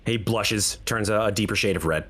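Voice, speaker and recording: A game master narrating a tabletop game and voicing its characters in a brisk, formal way. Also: sits low, fairly bright tone, breathy edge.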